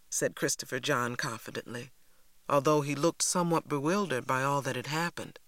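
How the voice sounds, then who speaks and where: A woman narrating an audiobook in a steady, measured storytelling voice on a close studio mic. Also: rumbling low, dry recording. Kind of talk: scripted narration.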